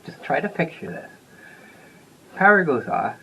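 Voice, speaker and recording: A man's voice: mid-range voice, expressive, a little fast, fairly bright tone, muffled recording, slight background noise. A man in his fifties telling a story to the camera in a loose, rambling way, chuckling and repeating himself. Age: 50s. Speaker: vlogger. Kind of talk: casual storytelling.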